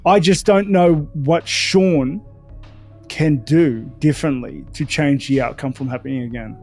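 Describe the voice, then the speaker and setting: A man's voice: on the high side, unhurried, darkish tone, soft background music. A man giving a casual fight prediction, persuasive and checking in with his listener.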